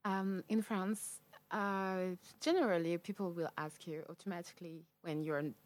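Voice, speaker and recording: A woman from Cameroon co-hosting a podcast discussion, speaking in a measured way and pausing to find her words. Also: fairly low pitch, darkish tone. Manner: measured, searching for words, light hesitations. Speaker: podcast co-host. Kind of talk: casual discussion.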